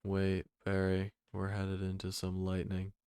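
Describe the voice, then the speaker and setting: A man reading a level-headed woman florist, deep, sleepy and flat, no change of voice. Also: a little slow, smooth, no room sound, clean studio sound. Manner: drowsy monotone reading.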